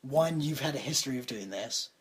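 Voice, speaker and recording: A man's voice: medium pitch, animated, brisk, echoey room, low-quality recording. A young man with a cold, chatting casually as podcast co-host and making dry jokes at his own expense, recorded on a phone lying on a table. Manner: rambling, dry self-mocking jokes. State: sick with a cold. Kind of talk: casual chat. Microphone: phone laid on a table.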